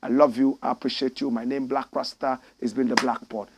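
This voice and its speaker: A middle-aged man with a Ghanaian English accent, hosting a political commentary show with fiery, preaching delivery that climbs to shouts. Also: mid-range voice, little pitch movement, a little fast, background noise.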